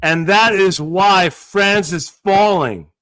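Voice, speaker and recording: A man's voice: high-pitched, takes it slowly, bright, forceful tone, no room sound. A man bantering on a podcast with brash, crude, emphatic jokes. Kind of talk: casual banter.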